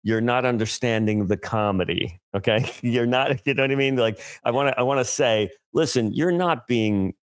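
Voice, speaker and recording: A man's voice: medium pitch, moderate pace, hardly any pauses, clean tone. A man co-hosting a comedy podcast, talking in a rambling, self-interrupting way and laughing often. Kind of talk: casual comedy podcast chat.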